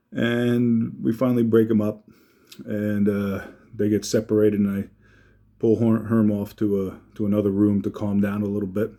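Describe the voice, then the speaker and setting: Low, warm-voiced man telling a story. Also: completely flat delivery. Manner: halting, heartfelt, many fillers and restarts. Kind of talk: personal storytelling speech.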